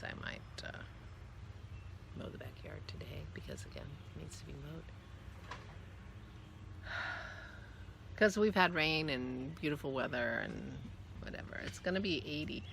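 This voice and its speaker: A woman with a bright, forceful voice talks casually as a vlog host. She rambles chattily, trails off and restarts her thoughts, and turns to coo affectionately at her dog. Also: sits low, expressive, normal speed, gravelly, long pauses, a little hiss or hum. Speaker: podcast host. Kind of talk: casual chat.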